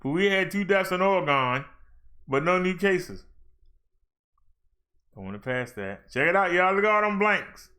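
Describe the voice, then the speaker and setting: Bright, chatty male minister. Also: high-pitched, moderate pace, pauses often. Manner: chatty, jokey, excited when reading numbers. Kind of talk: casual livestream chat.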